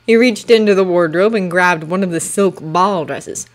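A woman reading a fanfiction story aloud in steady storytelling narration. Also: lowish voice, moderate pace. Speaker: fanfiction reader. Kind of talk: audiobook narration.

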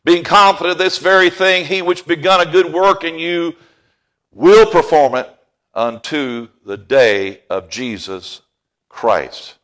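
A middle-aged man preaching a sermon in a church, folksy and joking with the congregation, rising to loud emphasis on key phrases. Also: on the high side, a little slow. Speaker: pastor. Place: church sanctuary.

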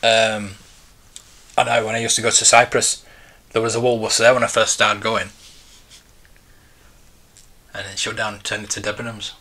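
A man's voice: on the low side, level tone, normal speed, pauses often, sharp tone. A man in his forties, hosting a casual live stream and chatting in a rambling, nostalgic way. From United Kingdom. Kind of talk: casual live-stream chat, reading viewer comments.

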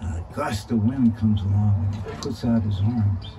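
A man telling a story in a relaxed, conversational way. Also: fairly low pitch, normal speed, background noise. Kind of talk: oral storytelling. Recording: voice from afar over guitar music. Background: guitar music.

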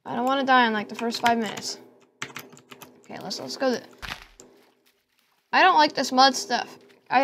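Woman gamer, casual commentary, excitable, gravelly fry, faint background hiss with keyboard clicks. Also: fairly high pitch. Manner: excitable, talks to herself, squeals at danger. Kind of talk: casual let's-play commentary.

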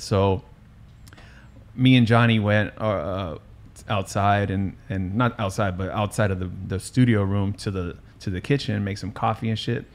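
A man with a lowish voice tells stories in a loose, slangy way, swearing as he goes. He is a podcast host and DJ, chatting casually with friends. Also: fairly even intonation, moderate pace. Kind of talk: casual chat.

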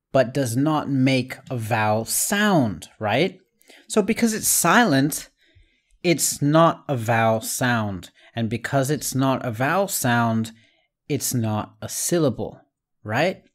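Male English tutor, unhurried, patient explainer, spells words letter by letter, keeps asking "right?". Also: mid-range voice. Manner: spells out letters and repeats example words slowly. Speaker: English teacher. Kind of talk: recorded online lesson.

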